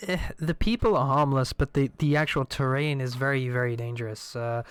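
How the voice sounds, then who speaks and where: A man's voice: medium pitch, fairly quick, clear, resonant tone, no room sound, close to an everyday voice. A man voicing a big, burly tavern patron who is drinking ale and talks in a folksy, rambling way. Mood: friendly.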